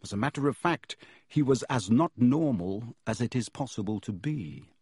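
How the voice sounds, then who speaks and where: A man narrates an audiobook in a measured, storytelling way, with a husky edge to his mid-pitched voice. The recording is dry and close, with no room sound. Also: lively intonation, darkish tone, no room sound.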